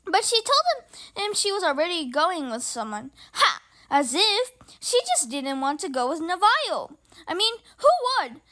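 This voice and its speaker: A flustered, horrified teenage boy in a storybook, talking wildly and in gasps, as a woman reads him. The voice sits high and jumps around a lot in pitch. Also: very animated, unhurried, pushed and bright, exaggerated voice. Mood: upset. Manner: wild, gasping.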